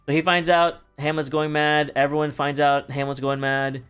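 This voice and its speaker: A man's voice: on the high side, flat delivery, normal speed, fairly bright tone, clear, resonant tone. Rambling, profane young-sounding man streaming. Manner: rambling, profane, many fillers and restarts. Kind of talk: casual chat recapping a play. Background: faint background music.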